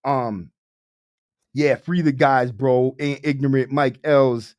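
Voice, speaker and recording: A man's voice: medium pitch, steady tone, slow, a little mellow, no echo, clean studio sound. A young man hosting a podcast, telling a story in a casual, streetwise, profane way, full of "bro". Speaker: podcast host. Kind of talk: casual storytelling to a livestream audience.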